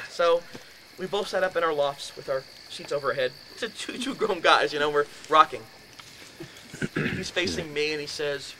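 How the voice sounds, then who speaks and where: High-voiced man telling a ghost story. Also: normal speed, background noise. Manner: animated, acts out voices and sound effects. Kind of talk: animated storytelling lecture. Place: house, lecture to a group.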